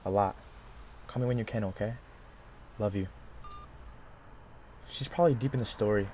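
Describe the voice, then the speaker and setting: An actor playing a devoted young husband who also narrates, speaking in an earnest, reflective way. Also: male voice, mid-range voice, animated, fairly quick, darkish tone, slight background noise, lightly acted. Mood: wistful. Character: devoted young husband missing his far-away wife. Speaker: narrator and lead character.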